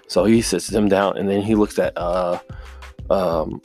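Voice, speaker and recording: A man's voice: sits low, steady tone, a little slow, a little mellow, soft background music. A man hosting a podcast, casually retelling a drama in a rambling way and acting out lines from it. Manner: rambling retelling, acts out quotes. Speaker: podcast host.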